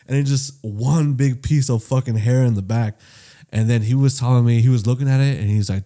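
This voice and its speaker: A man co-hosting a casual podcast, telling a long story with lots of swearing, swinging between loud and quiet. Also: medium pitch, fairly quick. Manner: profane, animated storytelling that swings loud and soft. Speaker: podcast co-host.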